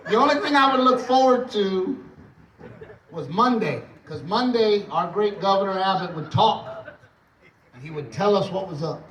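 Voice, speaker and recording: A man from Texas doing a profane stand-up comedy set, telling rowdy stories and shouting out impressions. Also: high-pitched, slight background noise. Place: comedy club stage. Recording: echoey club sound from a distant mic under loud audience laughter. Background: loud audience laughter.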